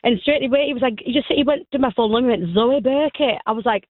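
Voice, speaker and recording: Radio guest: quick, effusive woman, dry phone-line sound. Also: on the high side, no room sound. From North of England. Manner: bubbly, gushing, fast and effusive. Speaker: guest singer and actress. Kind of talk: chatty radio interview.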